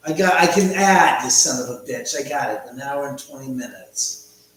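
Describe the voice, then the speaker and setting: On a home live stream, a man talks animatedly at normal speed in a fairly bright, mid-range voice, rambling, chatting and cursing without restraint. There's a little hiss or hum, and the distant mic picks up an echoey room.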